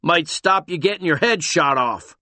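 A man doing a hard-nosed street cop who barks his lines, gruff and impatient, louder and a bit higher than the reader's own voice. He sounds close and dry, with no room around him. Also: animated, normal speed, no echo.

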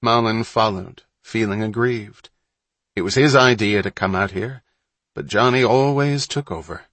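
A man reading a storybook aloud as an audiobook narrator, in steady, measured scripted narration. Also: fairly low pitch, dry recording.

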